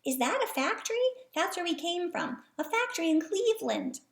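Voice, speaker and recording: A woman voicing a friendly mother doll who speaks slowly in a sing-song way. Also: very high-pitched, very animated, vocal fry, reverberant, pitched above the performer's own voice, exaggerated voice.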